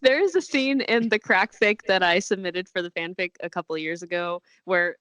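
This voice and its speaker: A woman's voice: on the low side, a little fast, a bit bright, dry recording. A woman co-hosting a casual book-discussion podcast, giggling as she tells an anecdote. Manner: giggly, storytelling. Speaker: podcast co-host.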